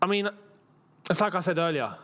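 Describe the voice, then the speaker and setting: Excitable young man on a football watchalong. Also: sits high, fairly quick, a little hiss or hum. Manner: excitable, reacts loudly to play, chatty with viewers. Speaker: football channel host. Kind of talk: live watchalong commentary and chat.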